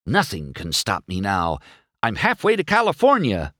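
A man voicing a cocky young male race car who talks slowly and low to himself. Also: huge pitch swings, a bit bright, no room sound, studio quality, heavily acted. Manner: slow, low self-talk.

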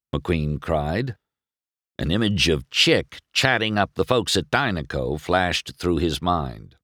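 Slow, expressive low-voiced male storyteller. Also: dry recording, studio quality. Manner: expressive, deliberate. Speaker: narrator. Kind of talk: storybook read-aloud.

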